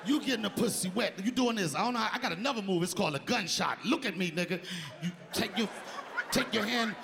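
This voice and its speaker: A man doing a crude, loud stand-up routine, laughing and shouting as he riffs and mimics sounds. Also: high-pitched, expressive, fast talker, creaky, noisy background. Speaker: stand-up comedian.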